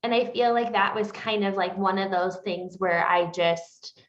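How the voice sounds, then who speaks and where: A woman's voice: mid-range voice, unhurried. Woman co-host, rambling chat, roomy dull recording. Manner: rambling, full of "like" fillers. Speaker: podcast co-host. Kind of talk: casual book review chat.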